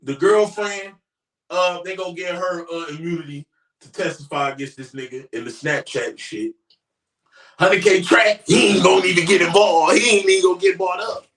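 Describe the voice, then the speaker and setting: A man giving a brash, profane commentary on a crime story on his YouTube channel, often shouting. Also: high voice, moderate pace, recorded from a distance. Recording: roomy echo, voice away from mic.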